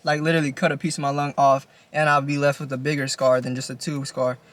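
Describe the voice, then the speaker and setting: A man's voice: mid-range voice, flat delivery, quick pace, fairly bright tone. A young man telling a story on his own vlog channel in a laid-back, slangy, casual way. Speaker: YouTuber.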